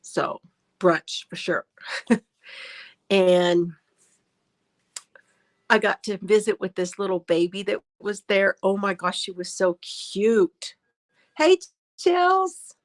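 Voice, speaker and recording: A woman drawls along at an easy, unhurried pace as she hosts a casual crafting livestream. She chats and laughs often, greeting each viewer by name. Her voice is picked up on a phone mic. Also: medium pitch, steady tone. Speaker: crochet livestream host.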